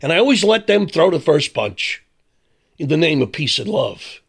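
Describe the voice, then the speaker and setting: Ranting older man, slightly high voice. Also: very animated, normal speed, vocal fry, husky. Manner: blunt, sarcastic, profane. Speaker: commentator. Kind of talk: ranting monologue.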